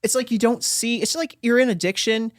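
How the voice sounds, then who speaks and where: A man's voice: extremely high pitch, a little fast, fairly bright tone, dry recording, clean studio sound. Candid, joking man from Pennsylvania. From small town in Pennsylvania. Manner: candid, joking, self-deprecating storyteller. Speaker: podcast guest. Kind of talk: casual storytelling interview.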